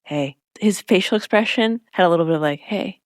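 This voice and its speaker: A woman's voice: medium pitch, fast, no echo, studio quality. A woman co-hosting a podcast, chatting casually about a TV episode, acting out lines and laughing often. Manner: animated, acts out quotes, laughs often. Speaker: podcast co-host. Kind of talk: casual chat recapping an episode.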